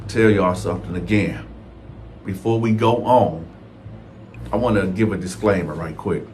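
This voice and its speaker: A man's voice: low voice, slow, pauses often, soft background music. A man telling a prison story in casual, slangy storytime style, talking straight to his listeners. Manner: conversational, slangy, addresses listeners as y'all.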